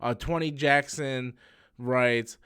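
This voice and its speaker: A young man with a drawl chats loosely on a live stream. His voice is smooth and clean, at a middle pitch, and he rambles through a story with lots of "um" and "like.". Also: fairly even intonation, slow pace, a bit bright. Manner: rambling storytelling with many fillers and restarts. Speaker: comics channel host. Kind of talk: casual live-stream chat.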